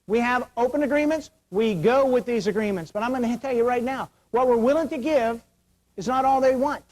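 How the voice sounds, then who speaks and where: A man's voice: very high-pitched, brisk, darkish tone, rough recording. A middle-aged man giving a security briefing to an auditorium, joking and asking rhetorical questions, his voice wearing thin. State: losing his voice. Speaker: security awareness speaker. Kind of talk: lecture to an auditorium.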